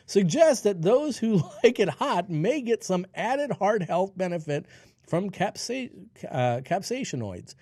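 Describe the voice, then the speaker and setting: Animated, ranting male health-show host. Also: sits high, normal speed, no room sound, clean studio sound. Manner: ranting, sarcastic asides between read-out headlines. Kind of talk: solo health news commentary.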